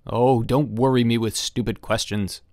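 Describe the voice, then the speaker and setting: A man voicing an irritable, tired middle-aged father in a storybook reading, curt and quick to scold. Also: medium pitch, very animated, no room sound, clean studio sound. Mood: angry, scolding. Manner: curt, testy.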